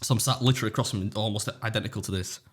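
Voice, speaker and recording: A man in his thirties with a Yorkshire accent, telling rambling, animated school stories on a casual podcast. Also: fairly low pitch, rapid-fire, husky. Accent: Yorkshire English. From Leeds, England. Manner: rambling, animated, swears, laughs at own stories. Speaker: podcast co-host. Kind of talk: casual storytelling chat.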